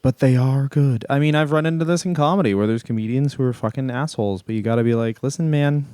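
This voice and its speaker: A man co-hosting a casual comedy podcast, speaking bluntly with swearing and dropping his voice low when he quotes people. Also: steady tone, fast talker, darkish tone, smooth, no room sound, studio quality. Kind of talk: casual chat.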